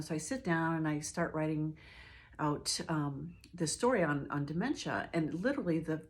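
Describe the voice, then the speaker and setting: A middle-aged hospice nurse with a low-pitched voice tells a personal story. She speaks reflectively and haltingly, with many fillers and restarts.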